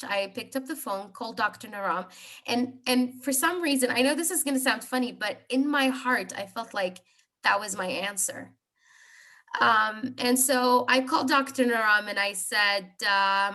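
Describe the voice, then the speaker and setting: A woman's voice: on the high side, sharp tone. A woman in her thirties telling her personal healing story as a guest on a call, hesitant, with many fillers and restarts. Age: 30s. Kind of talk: personal testimony on a group call.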